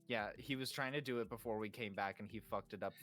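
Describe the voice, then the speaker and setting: A man's voice: lowish voice, fast, a bit bright, soft background music. A man co-streaming a game, teasing and ribbing his host in playful banter. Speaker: guest co-streamer.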